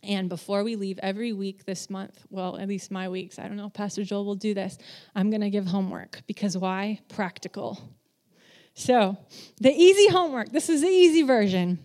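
A woman's voice: medium pitch, moderate pace. A woman giving a conversational sermon as a church speaker who works in children's ministry, candid and self-deprecating, acting out the voices she quotes. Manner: animated, acts out quoted voices.

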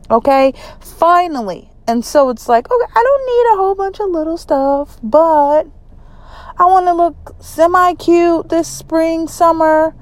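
A middle-aged woman talking casually to her viewers in a vlog, chatty and emphatic, with sudden jumps in pitch. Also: no room sound. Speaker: vlogger.

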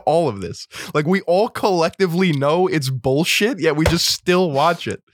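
A man's voice: fairly high pitch, expressive, normal speed, no echo. A man co-hosting a casual podcast, incredulous and sarcastic, laughing often, on a close mic. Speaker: podcast co-host.

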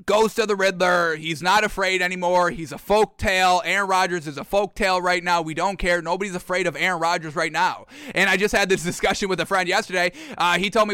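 A man hosting sports talk, ranting in a mocking, animated way and repeating himself for effect. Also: high-pitched, fast talker, hardly any pauses, smooth, no echo, studio quality.

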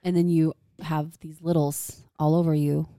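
A woman's voice: low voice, normal speed, no room sound, studio quality. A young adult woman co-hosting a podcast, chatting casually and acting out the dialogue in her stories with animation. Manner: animated storyteller who acts out quoted dialogue. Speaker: podcast co-host. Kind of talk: casual chat.

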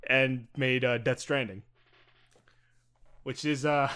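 A young man co-hosting a podcast, chatting casually in a rambling way. He leans on fillers and restarts his sentences, and he swears freely. His voice sits at a middle pitch. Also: fairly even intonation, slow pace, bright, forceful tone, slight background noise. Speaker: podcast co-host. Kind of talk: casual chat.

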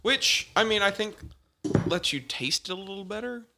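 A man's voice: high voice, animated, moderate pace, vocal fry, very noisy. A man co-hosting a casual beer-tasting podcast, joking and making dry remarks. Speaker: podcast co-host.

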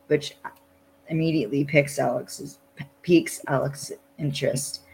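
Podcast host, unhurried gravelly delivery, rambling casual recap with blunt swearing. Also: mid-range voice, fairly even intonation, a little mellow, a little hiss or hum, low-quality recording. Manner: loose, lots of "like", blunt swearing. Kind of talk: casual chat recapping a TV episode.

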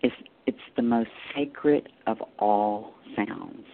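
Slow, calm man on a tinny line. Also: lowish voice. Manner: calm, unhurried, with long pauses between phrases. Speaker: spiritual meditation teacher. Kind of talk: slow guided meditation talk. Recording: tinny phone-like line with faint hiss.

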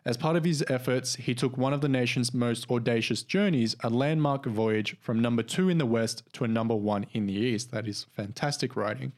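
A young man co-hosts a podcast, chatting casually and rambling with plenty of fillers and restarts. His voice sits at a medium pitch, moving at a moderate pace with hardly any pauses.

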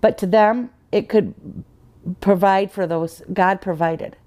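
A woman's voice: medium pitch, fairly even intonation, takes it slowly, mellow. A woman guest on a podcast, earnestly telling her personal faith story in conversation and acting out the dialogue she quotes.

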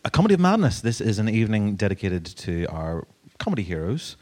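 A man introducing a live podcast evening on stage, halting with many fillers. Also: on the low side, big pitch swings, a little mellow. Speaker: host. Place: stage before a live audience.

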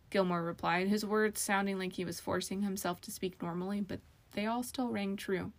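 A woman narrating a fantasy novel in an even, storytelling way. Her voice has a gravelly, creaky grain, sitting at a middle pitch. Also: normal speed, few pauses. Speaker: audiobook narrator.

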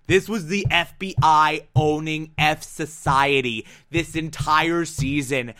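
A man casually recapping a TV episode, animated and profane, acting out characters' lines as he goes. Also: high voice. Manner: animated, profane, quotes characters mid-story. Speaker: TV recap commentator.

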